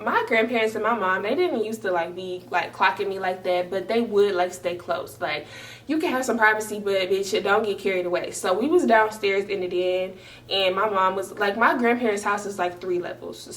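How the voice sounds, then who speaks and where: A woman in her twenties tells a casual storytime to viewers, animated and slangy, swearing often as she talks straight to the camera. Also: mid-range voice, recorded from a distance. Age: 20s. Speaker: storytime vlogger.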